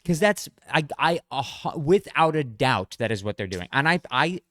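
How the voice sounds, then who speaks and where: A man's voice: medium pitch, sing-song, moderate pace, a bit bright, no echo, clean studio sound. A man co-hosting a podcast, chatting casually and laying out emphatic, jokey theories. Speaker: podcast co-host. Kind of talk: casual chat.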